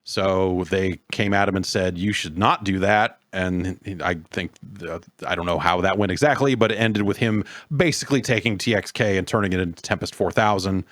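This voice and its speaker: A man hosting a casual podcast, rambling and halting, with dry sardonic remarks. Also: sits low, no room sound. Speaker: podcast host. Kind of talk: casual chat.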